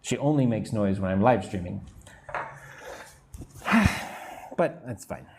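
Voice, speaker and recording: A man teaching an English lesson on a live stream, reading out viewers' comments, answering them casually, and slowly drilling pronunciation. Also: on the low side, lively intonation, vocal fry, background noise. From United States. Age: adult, not young.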